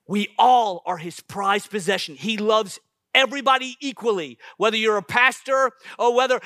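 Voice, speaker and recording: A man preaching a sermon, swinging between loud bursts and hushed asides. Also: extremely high pitch, no echo, clean studio sound.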